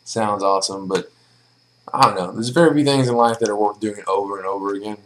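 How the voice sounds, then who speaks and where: A man's voice: fairly low pitch, fairly quick, low-quality recording. A young man casually answering viewer questions in a vlog, blunt and profane, with plenty of ums and likes. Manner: blunt, swears freely, lots of filler.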